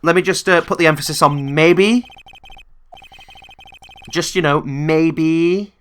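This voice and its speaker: A man's voice: on the high side, steady tone, fairly bright tone, a little hiss or hum. A man giving sarcastic, sweary commentary while playing a video game. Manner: mocking and sweary, with drawn-out asides. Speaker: video game let's player.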